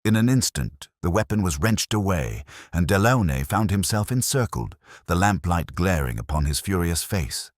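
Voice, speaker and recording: Very deep-voiced male narrator. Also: animated, no echo, clean studio sound. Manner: measured storytelling. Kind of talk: scripted narration.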